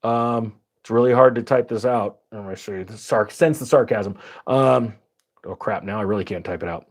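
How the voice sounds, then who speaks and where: A man hosting a finance channel, giving casual, sarcastic commentary over charts with big jumps in pitch for emphasis. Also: moderate pace.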